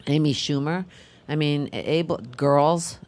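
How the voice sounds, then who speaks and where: A middle-aged actress answering on a panel, thinking aloud in a rambling, conversational way. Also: female voice, deep voice, steady tone, unhurried, a little mellow.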